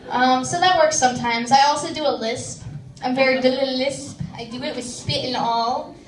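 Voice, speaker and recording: Woman, 20s, high-pitched stand-up comic with a deadpan, hesitant delivery; live club recording picked up from a distance with faint room noise. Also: normal speed. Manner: deadpan, self-deprecating, frequent "um"s. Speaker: stand-up comedian. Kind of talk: stand-up comedy set. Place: comedy club stage. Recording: roomy, distant live stage mic.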